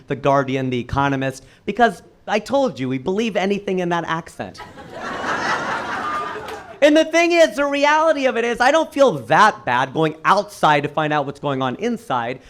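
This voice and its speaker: High-voiced man doing stand-up comedy. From Cincinnati, United States. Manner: animated, punchy joke delivery with rhetorical questions. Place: live comedy stage before an audience.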